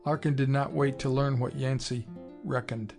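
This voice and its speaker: A man reading an audiobook in a steady, measured storytelling voice. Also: medium pitch, gravelly, over music. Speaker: audiobook narrator. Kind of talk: scripted narration.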